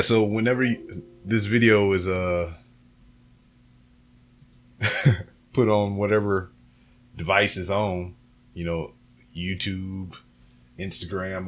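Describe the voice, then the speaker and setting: A man's voice: lowish voice, fairly bright tone. A man hosting his own podcast, rambling casually and profanely to camera from a home setup. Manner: loose, profane and rambling, with many fillers. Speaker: podcast host. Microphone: camera and computer setup, a little off-axis at times.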